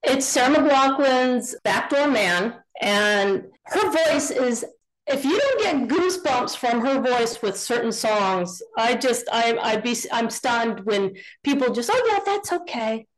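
A woman's voice: on the high side, slow pace, rough recording. A middle-aged woman, a guest on an interview show, telling family stories casually and acting out the dialogue. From Northern California. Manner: animated storyteller, acts out quoted dialogue. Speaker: guest, contractor.

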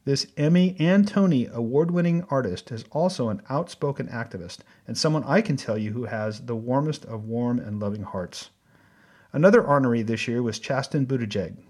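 A man's voice: mid-range voice, animated, a little fast, darkish tone, slightly rough. A man hosting a news program, reading scripted narration with an admiring tone. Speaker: news show host.

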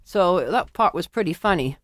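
A middle-aged English woman telling a personal story, animated and laughing, acting out quoted voices. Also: fairly low pitch, normal speed. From England.

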